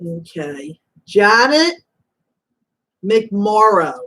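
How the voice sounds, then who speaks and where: A woman's voice: medium pitch, sing-song, very slow, pushed and bright. A woman hosting a live call-in spiritual reading show, talking in an emphatic, motherly way and calling guests honey and sweetie. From Italian-American background. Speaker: psychic reader and show host.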